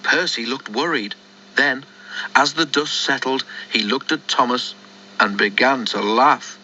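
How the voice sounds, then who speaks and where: A man narrating a children's storybook in a lively, expressive read-aloud, on a dull lo-fi recording. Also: medium pitch, a little slow. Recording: dull lo-fi recording with faint noise.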